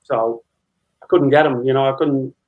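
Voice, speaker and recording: A man in his fifties, a former footballer, telling lively anecdotes with frequent laughter as an interview guest. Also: mid-range voice, moderate pace, narrow, tinny audio. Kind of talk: casual storytelling interview.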